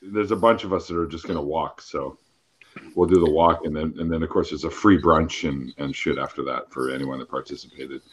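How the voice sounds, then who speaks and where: A man's voice: rumbling low, fairly even intonation, fairly quick, husky. A man hosting a casual group livestream chat. He talks loosely, swears freely and laughs often. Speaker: livestream host.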